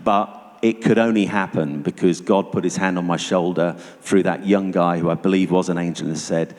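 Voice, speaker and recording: A man giving a personal testimony to an audience as a guest speaker, telling it vividly and going hushed at tense moments. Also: low voice, fairly even intonation, normal speed. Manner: vivid storytelling, dropping to hushed tones for tension. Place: church hall. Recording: long reverb of a church hall.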